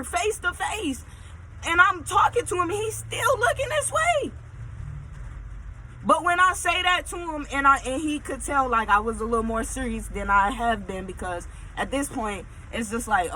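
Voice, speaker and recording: A woman telling a casual storytime, animated and emphatic, often checking in with her listeners. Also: high-pitched, a little hiss or hum, rough recording.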